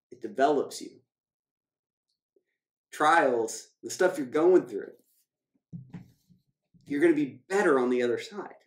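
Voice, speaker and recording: A man, a financial coach, giving an emphatic motivational scripture talk, repeating key phrases and slowing down to read verses. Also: medium pitch, lively intonation. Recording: echoey room.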